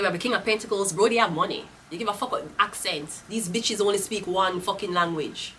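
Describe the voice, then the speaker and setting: A woman's voice: mid-range voice, pushed and bright, a little hiss or hum. A woman with a Jamaican accent reading tarot cards in a casual, blunt, profane way, slipping into patois. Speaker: tarot reader. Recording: voice a bit off-mic.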